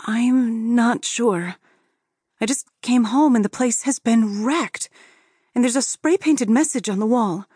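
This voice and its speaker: A woman's voice: fairly high pitch, unhurried, a little mellow, breathy edge, no room sound, studio quality, voice pushed up. A woman voicing a frightened young woman, a home realtor, who speaks in a shaky, tense voice.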